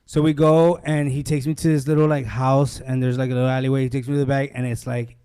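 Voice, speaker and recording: A man's voice: medium pitch, level tone, quick pace, mellow, clear, resonant tone. A young man hosting a podcast, telling a story in casual chat, swearing freely and acting out other people's lines. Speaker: podcast host.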